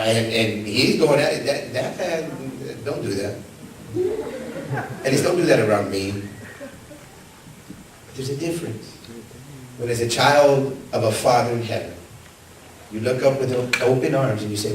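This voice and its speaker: A man preaching a sermon as pastor, telling stories and asking the congregation rhetorical questions, swinging between loud, high calls and soft, low asides. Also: moderate pace, pauses often, background noise. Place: church sanctuary. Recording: echoey church from a distant mic.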